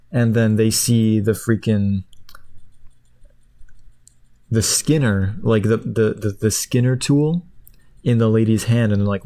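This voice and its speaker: A man rambling through the plot of a movie while clicking away, jumping into high squeaky voices for the characters. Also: fairly even intonation, a little slow, pauses often, warm tone. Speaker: streamer. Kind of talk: casual chat while clicking.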